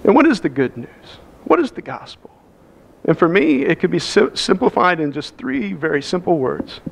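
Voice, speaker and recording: High-voiced pastor telling a story. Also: male voice, normal speed, gravelly, background noise. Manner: animated storyteller, acts out quoted dialogue. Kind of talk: sermon with storytelling. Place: church sanctuary.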